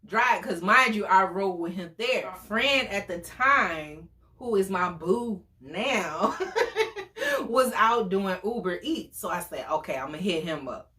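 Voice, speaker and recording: A woman in her forties telling a story casually, animated and exclamatory, often breaking into laughter. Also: mid-range voice, slow. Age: 40s. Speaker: storytime vlogger.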